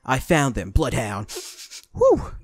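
A young man casually commentating a video game as he plays, excitable, laughing often and swearing at the screen. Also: medium pitch, slow pace, dry recording, faint music behind. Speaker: gaming YouTuber. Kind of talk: casual let's-play commentary.

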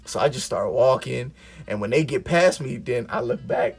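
A young man vlogger telling a story in a casual way, animated and acting out the voices he quotes. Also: medium pitch, normal speed, creaky. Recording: music playing behind the voice.

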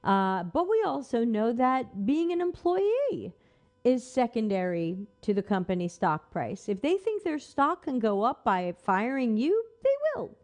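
Woman on a stream, reading stuff out and snarking at it, kinda high voice. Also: very animated, measured pace, darkish tone. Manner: skeptical, sarcastic, talks back to the text. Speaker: host. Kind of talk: live-stream commentary reading an article aloud.

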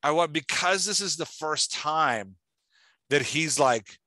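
A man chats eagerly as a podcast host. His voice is bright and forceful, and the dry recording keeps it close and upfront. He talks fast and loose, full of fillers. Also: on the high side, animated, no echo. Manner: enthusiastic, chatty, lots of "like". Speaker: podcast host giving writing feedback. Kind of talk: casual chat.

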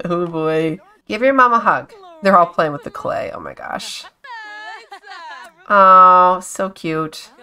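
Woman, bright tone, casual game commentary, chatty, giggly, talks to her characters. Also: mid-range voice. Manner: giggly, exclaims often. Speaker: gameplay streamer.

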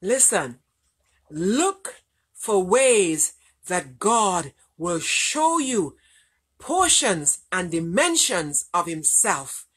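A woman preacher delivering a fervent sermon, her husky voice rising and falling across a lively range. She takes her time, drawing out phrases slowly and swinging from ringing cries down to near whispers. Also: lowish voice. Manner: impassioned preaching, swinging between loud and hushed.

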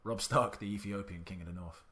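A man's voice: on the low side, fairly quick, bright, forceful tone, a little hiss or hum. A man giving indecisive let's-play commentary, muttering to himself and swearing now and then. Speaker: gaming channel host.

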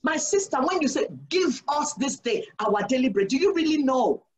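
A woman's voice: high voice, expressive, moderate pace, low-quality recording. A deaconess teaching a church Bible study, exhorting and asking her listeners questions that she then answers herself. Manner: asks rhetorical questions and answers them herself; earnest, exhorting, sprinkles in "Praise the Lord".

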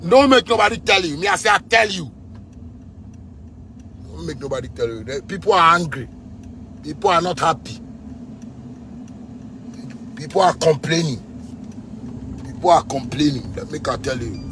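A man in his thirties with a Ghanaian accent, ranting angrily at the president, repeating himself and breaking into shouts. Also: high-pitched, expressive, moderate pace, long pauses, a little hiss or hum. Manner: heated, repetitive, bursts into shouting. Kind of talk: angry rant addressed to the president.

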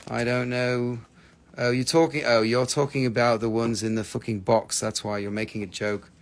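Guy with a gravelly fry voice hosting a live rock sale, jokey, swears a lot, teases the chat. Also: medium pitch, little pitch movement, moderate pace. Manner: joking, profane and chatty, teasing viewers. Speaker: host selling rocks and minerals on a livestream. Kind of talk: casual live sales chat.

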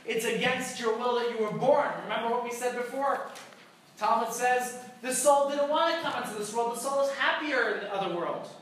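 Echoey rabbi teaching a class. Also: male voice, extremely high pitch, moderate pace, fairly bright tone, slight background noise. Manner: asks the class rhetorical questions, tells jokes. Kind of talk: conversational Torah class. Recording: very echoey room, mic far off.

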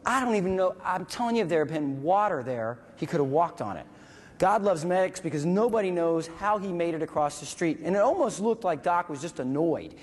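A man with a husky, slightly breathy voice tells a story to an audience, animated and acting out the voices and sound effects. His words ring out with a long reverb in a large hall. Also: on the high side, a little fast. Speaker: military veteran speaker.

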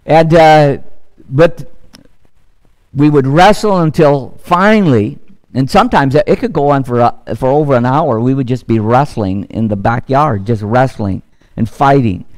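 A man's voice: mid-range voice, unhurried, a little mellow. A man pastor preaching a sermon, repeating key phrases and building emphasis as he exhorts the congregation. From United States.

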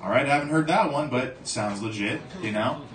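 A young man from South Florida doing a profane stand-up set, telling a story and suddenly shouting the voices of the people in it. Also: medium pitch, brisk. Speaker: stand-up comedian. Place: comedy club stage. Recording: roomy club sound from a distance, crowd audible.

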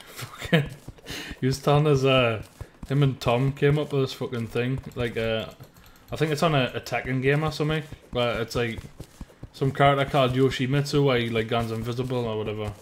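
A man's voice: medium pitch, fairly even intonation, fairly quick, slight background noise. A young man chatting casually while playing a game, joking, swearing and laughing often. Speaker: gamer. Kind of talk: casual gaming chat.

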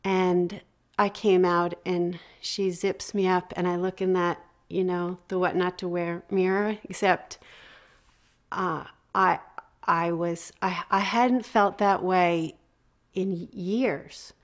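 A middle-aged woman giving a talk in a conversational, animated way, with frequent restarts and asides as she tells a personal story. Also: fairly low pitch, slow.

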